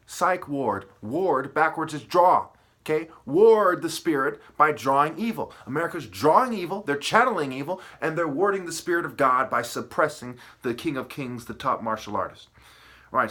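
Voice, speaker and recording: A video commentator with a fairly high, bright, forceful voice rants agitatedly to the camera. Profane, he hops from wordplay to accusations, repeatedly asking "okay?" and "right?"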